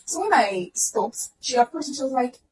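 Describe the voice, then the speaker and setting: A young woman with a Nigerian accent recounts her own story straight to camera. Her voice sits a touch high. She tells it with animation and acts out what the others said. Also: very animated, normal speed, a little mellow, poor audio. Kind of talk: emotional personal story to camera.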